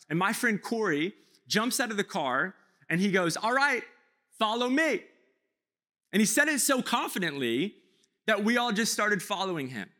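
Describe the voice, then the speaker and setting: A man's voice: high voice, fairly bright tone. A man in his thirties, a pastor, preaching a sermon in a joking, self-mocking storytelling way with acted-out quotes.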